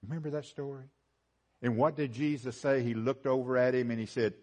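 A man preaching a sermon, swinging from rising, emphatic build-ups to hushed low lines and repeating phrases for emphasis. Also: moderate pace.

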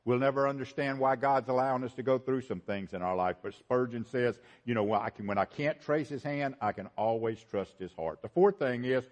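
A man preaching a sermon, repeating phrases for emphasis and swinging between loud, high emphasis and low, quiet asides. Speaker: pastor.

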